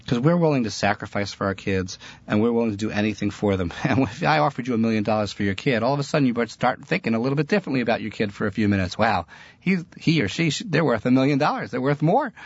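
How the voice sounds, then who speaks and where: Low-voiced middle-aged man teaching earnestly. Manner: earnest, storytelling, warm laughter in his voice. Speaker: religious teacher. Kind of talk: Jewish religious talk. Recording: dull, lo-fi, dry recording.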